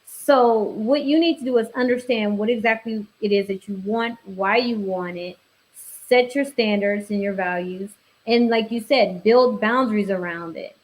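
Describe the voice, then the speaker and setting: A woman's voice: mid-range voice, measured pace. A woman appearing as a guest, giving blunt and assertive advice during a casual discussion.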